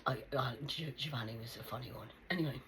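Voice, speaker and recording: A woman's voice: rumbling low, quick pace, noisy background. A middle-aged woman telling rambling personal stories in casual chat, swearing freely, laughing often and dropping into whispered asides. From United Kingdom. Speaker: vlogger.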